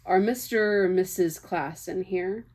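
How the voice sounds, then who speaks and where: A woman voicing a grumpy, rude tall young man in a storybook, giving clipped, flat, short replies. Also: lowish voice, measured pace. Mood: curt.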